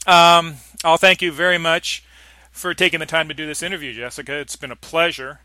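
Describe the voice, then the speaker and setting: A man hosting a casual interview, asking questions in a relaxed, halting way. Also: a little high, dry recording. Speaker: interview host.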